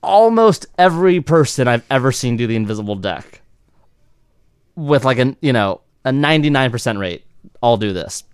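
A man co-hosting a podcast in casual, animated chat who slips into mocking impressions. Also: mid-range voice, normal speed, smooth, no room sound, clean studio sound. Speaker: podcast co-host.

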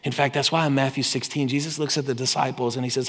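A man's voice: mid-range voice, fairly even intonation, quick pace. Impassioned preacher man in a reverberant hall. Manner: impassioned, swings between loud emphasis and quiet intensity. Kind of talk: sermon.

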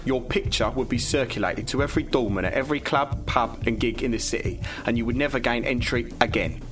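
A man's voice: mid-range voice, a little fast, over music. A man playing a falsely polite cockney bouncer. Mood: menacing politeness. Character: menacing polite male nightclub bouncer. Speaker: nightclub doorman. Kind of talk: sketch comedy acting.

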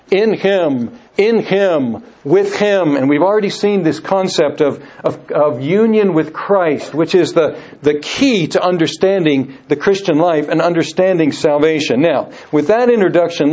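Man, high voice, Bible teaching, measured, restarts phrases, dull lo-fi sound. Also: darkish tone. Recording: dull lo-fi recording.

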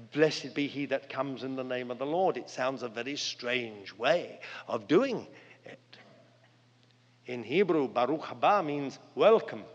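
An older man preaching a sermon, earnest and dramatic, with big swings in pitch and loudness as he tells stories. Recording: long hall reverb, dull lo-fi sound.

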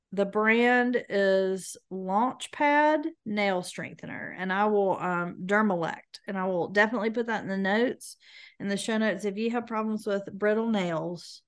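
A woman co-hosting a casual podcast. She talks in a chatty, playful way, with dry sarcasm about herself. Her voice sits in an ordinary middle pitch. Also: clean tone. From American South. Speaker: podcast co-host. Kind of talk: casual chat.

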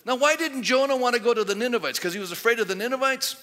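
A pastor with a high, bright, forceful voice delivers a sermon in a chatty way, full of rhetorical questions. A long reverb trails each phrase, as in a large sanctuary. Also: male voice, racing. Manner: conversational preaching with rhetorical questions.

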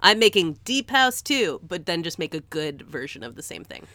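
A woman co-hosting a podcast, easygoing and quick to laugh, reading out dedications in casual chat. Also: lowish voice, very animated, sharp tone, no room sound. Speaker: podcast co-host.

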